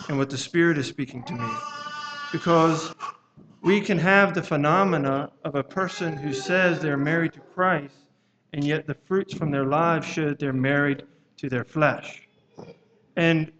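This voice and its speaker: Measured male preacher with a higher voice. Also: fairly bright tone, slight background noise. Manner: measured, halting delivery, reading scripture aloud in King James wording. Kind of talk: sermon.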